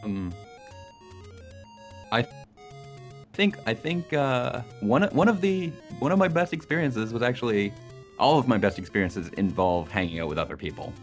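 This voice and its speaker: A man's voice: medium pitch, lively intonation, moderate pace, pauses often, faint music behind. A man being interviewed as a video editor, chatting casually, with lots of fillers and restarts as he rambles through his memories.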